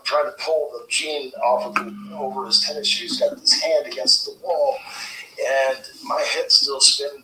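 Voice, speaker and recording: This storytelling guest, heard as a clip, laughs his way through an animated, wandering anecdote and impersonates the other people in it. His voice is medium-pitched, bright and forceful, with slight background noise, and the audio sounds distant and echoey with a TV faintly playing.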